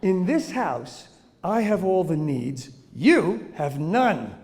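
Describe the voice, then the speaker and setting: A man voicing a bossy newborn who lays down the law in slow, mock-stern decrees. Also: sits high, sing-song, darkish tone, in a large hall, exaggerated voice.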